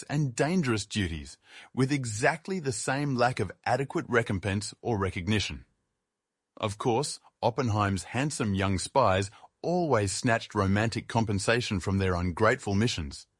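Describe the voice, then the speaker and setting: A man reading a literary essay aloud in a measured, wry manner. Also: lowish voice, breathy edge, no echo, clean studio sound. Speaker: essay reader. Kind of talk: scripted literary narration.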